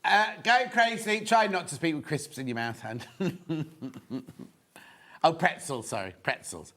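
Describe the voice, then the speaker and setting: A man hosting a live TV shopping show, chatty and excitable, with lots of asides. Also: on the high side, a little slow. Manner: chatty and excitable, full of asides and sales counts. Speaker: shopping channel presenter. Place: TV studio.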